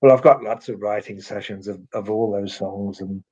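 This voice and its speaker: A man being interviewed as a guest musician, talking in an unhurried, reflective way and often repeating words as he starts a thought. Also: fairly low pitch, fairly even intonation, darkish tone, husky, dull audio. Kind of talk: casual interview conversation.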